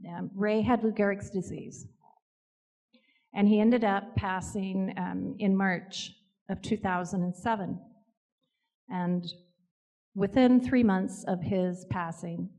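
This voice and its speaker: A woman telling a personal story in a measured, reflective way, pausing often with small hesitations. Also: medium pitch, a little mellow, in a large hall. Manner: measured, with hesitant pauses and fillers. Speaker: author speaking about grief and spirit visits.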